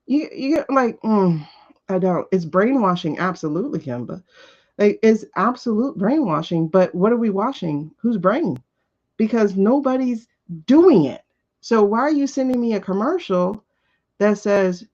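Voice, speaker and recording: A woman's voice: medium pitch, lively intonation, a little slow, darkish tone. A woman hosting a live tarot show, talking casually and bluntly, firing off repeated rhetorical questions with profanity. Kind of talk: casual opinionated talk on a livestream. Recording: dull lo-fi livestream audio.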